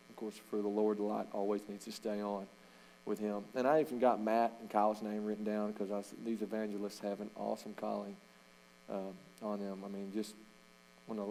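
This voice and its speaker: Middle-aged man, slightly low voice, a coach telling stories from the pulpit with sudden loud bursts. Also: a little fast, slight background noise, rough recording. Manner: storytelling, animated, with loud shouted bursts. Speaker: coach and church speaker. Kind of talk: informal sermon talk. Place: church.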